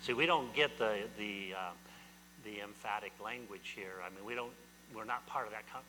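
A man's voice: medium pitch, expressive, fairly quick, in a large hall, background noise. A man preaching a sermon as pastor, emphatic and repetitive, often restarting his phrases.

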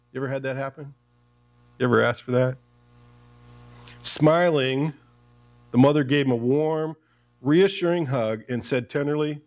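A man preaching a Sunday sermon in a church. His mid-pitched voice stays conversational, and he often breaks off to ask the congregation questions. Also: unhurried, long pauses, darkish tone. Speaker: pastor.

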